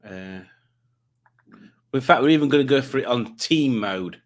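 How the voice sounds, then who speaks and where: A man's voice: mid-range voice, expressive, measured pace. Jokey man hosting a stream. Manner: rambling, self-mocking, jokey. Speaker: quiz stream host. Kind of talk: casual livestream chat.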